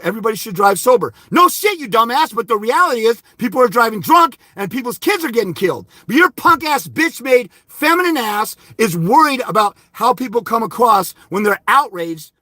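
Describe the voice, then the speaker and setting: A man's voice: very high-pitched, bright, forceful tone, no room sound. A man ranting on a livestream, heated and profane, scolding his critics. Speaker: fathers' rights advocate streaming live. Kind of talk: angry livestream rant.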